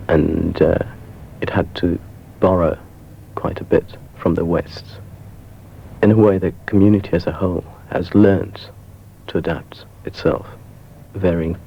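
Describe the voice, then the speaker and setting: Man from East Africa, very low voice, measured and reflective; dull 1970s broadcast. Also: vocal fry, slight background noise. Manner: thoughtful, measured, self-correcting. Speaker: interviewee. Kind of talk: reflective interview answer. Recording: muffled 1970s radio recording.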